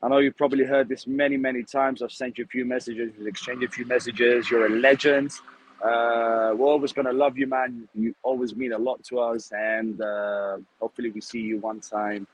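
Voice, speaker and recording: A man's voice: medium pitch, flat delivery, normal speed, low-quality recording. A man, a fan dropping into the conversation on his break, cheeky and grateful as he speaks to the guest. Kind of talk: casual chat.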